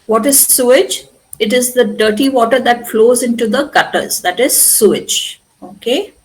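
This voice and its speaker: A woman with an Indian English accent teaching a spoken English lesson, patiently repeating words slowly for her students. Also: a little high, low-quality recording. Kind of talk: classroom pronunciation lesson.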